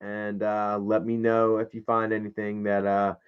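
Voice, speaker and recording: A man's voice: on the low side, monotone, moderate pace, clear, resonant tone. A man giving casual livestream commentary, profane and mocking, reading chat messages aloud. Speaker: live streamer. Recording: muffled lo-fi stream audio.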